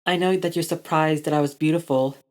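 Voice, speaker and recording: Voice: mid-range voice, fairly even intonation, fairly quick, natural voice. A storyteller voicing a scheming young girl who turns villain, with breathless, menacing threats. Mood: sulky.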